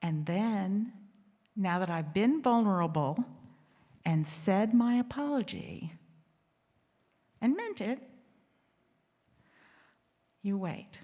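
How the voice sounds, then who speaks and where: A woman's voice: mid-range voice, expressive, slow pace, long pauses, dark tone. A woman hosting an assembly, telling a candid, funny story to a live audience and asking them questions. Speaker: assembly host. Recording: reverberant hall.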